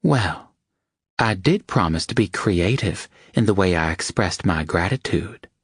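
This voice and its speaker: A man voicing an emotional young woman who pleads softly in a raised voice, in an audiobook. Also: deep voice, expressive, measured pace, husky, dry recording, clean studio sound, full character voice. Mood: teasing.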